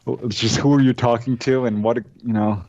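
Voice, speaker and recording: A man's voice: mid-range voice, steady tone, moderate pace, a little mellow, dry recording. A man answering in an interview, thoughtful and musing. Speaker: guest author. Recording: dull lo-fi line.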